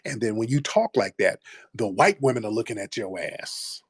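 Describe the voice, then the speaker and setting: A man's voice: fairly low pitch, animated, moderate pace, husky, no echo, studio quality. A man hosting a live call-in show, talking in a blunt, preachy, confrontational way. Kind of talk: heated casual talk.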